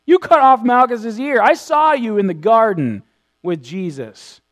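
A preacher acting as a loud accusing bystander. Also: male voice, sits high, huge pitch swings, unhurried, voice pushed up, exaggerated voice. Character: angry male bystander accusing a man.

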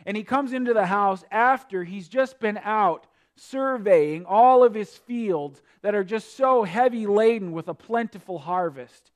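Man, pastor, sermon, high-pitched voice, alternates soft and emphatic delivery. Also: a little slow, few pauses. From North Dakota. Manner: swings from quiet to loud, preaching with emphasis.

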